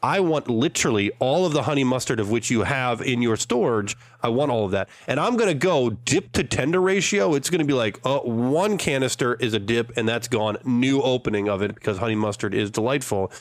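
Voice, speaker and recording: Fast-talking man, animated storytelling. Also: medium pitch, no echo. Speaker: co-host and college coach. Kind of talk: casual podcast chat.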